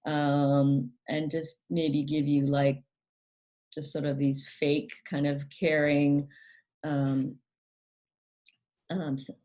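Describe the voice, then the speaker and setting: Slow, low-voiced woman explaining gently. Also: level tone, highs cut off. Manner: gentle, hesitant, many ums and restarts. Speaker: channel host. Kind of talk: casual educational monologue.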